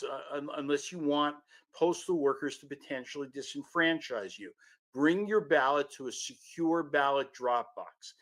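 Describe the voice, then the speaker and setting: A man who edits a political news outlet, giving a brisk, informational election update on radio. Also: on the high side, a bit bright. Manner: brisk, informational, repeats words.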